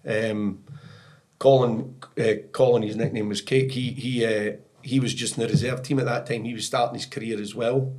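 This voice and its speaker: A middle-aged Scottish man with a voice of ordinary pitch talks as a podcast guest. He tells his stories in a meandering way, leaning on "you know" and starting sentences over. He laughs easily as he talks. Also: steady tone, moderate pace, darkish tone. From Scotland. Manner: rambling anecdotes full of "you know" and restarts, often laughing. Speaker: podcast guest, soccer technical director. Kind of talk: storytelling podcast interview.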